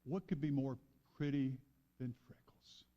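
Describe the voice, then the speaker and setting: A man pastor preaching a sermon, moving between raised emphatic lines and quiet, hushed storytelling. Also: medium pitch, fairly even intonation, a little slow, dull audio. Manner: preaching with dramatic swings from loud to hushed.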